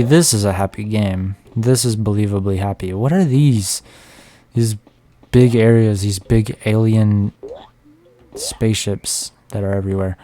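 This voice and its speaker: A young man jokes around and talks to himself while streaming a game, game music in the background. His voice sits on the low side and sounds mellow.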